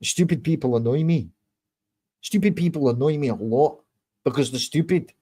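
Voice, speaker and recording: A man from England hosting his own online show, talking casually to viewers in a combative, lecturing way, slow and deliberate, swearing often and repeating his points. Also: fairly high pitch, dark tone. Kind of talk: casual monologue answering viewer comments.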